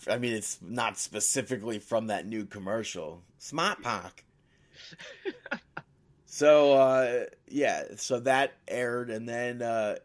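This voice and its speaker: Man, podcast co-host, rambling, halting restarts, medium pitch. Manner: rambling, halting, laughs often. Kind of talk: casual chat.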